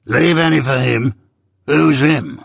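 Man doing a gruff convict. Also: mid-range voice, slow pace, no echo, clean studio sound, exaggerated voice. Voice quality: gruff, gravelly. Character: rough old male convict, gruff, wary, hungry.

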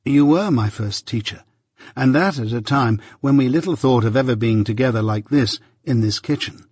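A man's voice: mid-range voice, moderate pace, darkish tone, husky, no echo, studio quality, natural voice. A man voicing a restless, discontented young apprentice who speaks earnestly and impatiently in an audiobook. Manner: earnest, impatient and self-pitying. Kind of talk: audiobook character voice.

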